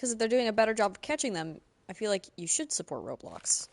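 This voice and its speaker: A young woman streamer, soft-spoken, chatting casually and answering her chat. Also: mid-range voice, very animated, fast, gravelly, few pauses. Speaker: livestreamer.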